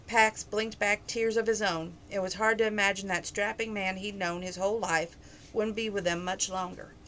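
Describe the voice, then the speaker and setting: A woman's voice: medium pitch, steady tone, normal speed, fairly bright tone, slight background noise, low-quality recording. A woman reading a novel aloud in a plain, unpolished way, calling out page numbers and stumbling a little now and then. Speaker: reader.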